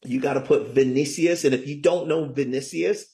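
A man's voice: on the high side, moderate pace, mellow. A middle-aged man talking as a guest author in an interview, enthusiastic and often tagging his points with "right?". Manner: enthusiastic, keeps asking "right?". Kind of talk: conversational interview talk.

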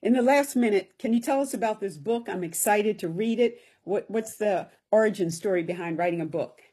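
A woman's voice: mid-range voice, fairly quick, mellow, breathy edge. A woman hosting an interview, asking short questions and giving brief, encouraging replies. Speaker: host. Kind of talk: casual interview talk.

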